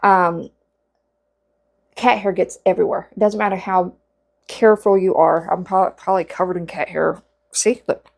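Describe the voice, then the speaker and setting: A woman's voice: on the low side, steady tone, normal speed, vocal fry, long pauses. A woman chatting casually to camera while crocheting, rambling with lots of fillers and restarts. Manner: chatty and rambling, with many fillers and self-corrections. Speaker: vlogger.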